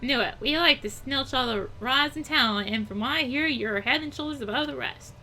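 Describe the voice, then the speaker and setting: A woman's voice: sits high, a little fast, pushed and bright, a little hiss or hum. A woman voicing a sly, streetwise rogue recruiter who talks in cocky, teasing slang.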